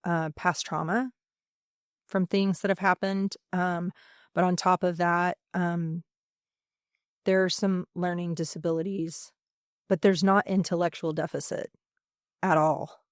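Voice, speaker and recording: A woman who teaches high school theatre, speaking earnestly and emphatically in a podcast interview, with many fillers and pauses. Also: flat delivery, smooth, no room sound, clean studio sound. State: emotional.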